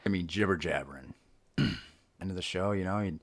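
A man with a deep, low-pitched voice hosts his own show. He rants in a heated, profanity-heavy way, and his talk is blunt and unfiltered. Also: moderate pace. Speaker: podcast host. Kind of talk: solo podcast rant.

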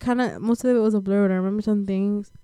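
A young woman from the United States tells a story in a casual chat, in a slangy, laid-back way full of fillers. Her voice is soft and mellow, with a middling pitch. The sound is dry and close, with almost no room echo. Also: steady tone, fast talker, smooth.

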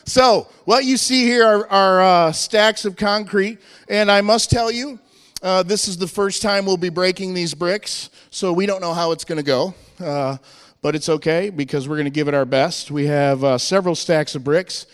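An American man presenting a strength team show at a church, joking and shouting to rally the crowd over a handheld microphone. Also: high-pitched, normal speed, clean tone, big-room sound. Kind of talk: energetic church stage presentation. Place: church hall with live audience.

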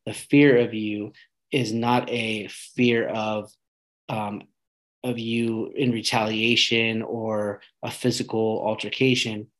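A man's voice: lowish voice, flat delivery, slow, low-quality recording. A man hosting a podcast, giving earnest parenting advice in a casual monologue and often checking in with "right?".

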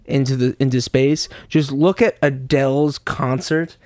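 A man's voice: medium pitch, fairly even intonation, a little slow, darkish tone, dry recording. A young man co-hosting a casual podcast chat, joking and riffing with mock impressions. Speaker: podcast co-host.

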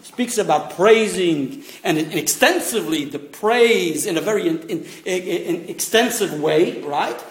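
A man's voice: sits high, animated, unhurried, hardly any pauses. A man giving a rambling, digressive informal religious lesson, sprinkling in Hebrew and Yiddish terms. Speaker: Torah teacher. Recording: roomy echoey room.

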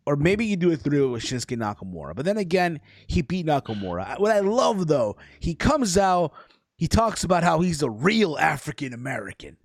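A man's voice: on the high side, sing-song, a little fast, no echo, studio quality. A man co-hosting a wrestling podcast, talking loosely and rambling, with lots of swearing and "bro". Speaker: podcast co-host. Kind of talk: casual wrestling chat.

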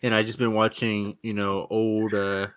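Low voice, dry close mic, rambly nostalgic co-host who chuckles. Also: male voice, level tone, moderate pace, fairly bright tone, clean tone, no echo. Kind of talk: casual chat.

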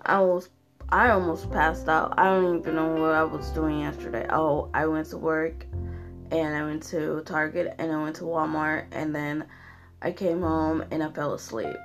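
A woman's voice: sits low, steady tone, normal speed, soft background music. A young woman hosting her own podcast, ranting casually with lots of fillers and swearing, sounding tired. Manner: rambling, profane, frequent fillers. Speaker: podcast host. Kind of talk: casual solo rant.

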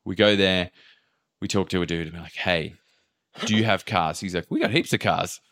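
Low-voiced man telling a travel story. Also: normal speed. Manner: animated, acts out quotes, swears casually. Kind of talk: casual storytelling chat.

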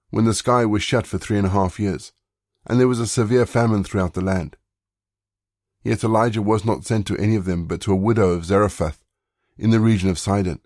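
Man reading Jesus, a firm, calm teacher, fairly low, dry sound. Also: dry recording, lightly acted.

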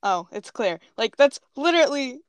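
Chatty woman co-host, a bit high. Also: big pitch swings, normal speed, clear, resonant tone, dry recording. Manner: chatty, self-explaining, laughing. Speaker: podcast co-host. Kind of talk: casual chat, reading an old role-play aloud.

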